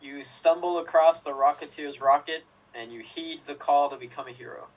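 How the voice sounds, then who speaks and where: A man's voice: on the high side, moderate pace, rough recording. A man on an improv show, giving prompts and votes in a dry, matter-of-fact way.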